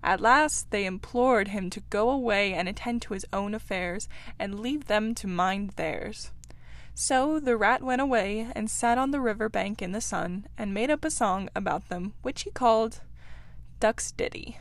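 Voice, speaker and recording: A woman narrating a classic children's story aloud in a gentle, measured reading voice. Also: mid-range voice, dry recording. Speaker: audiobook reader.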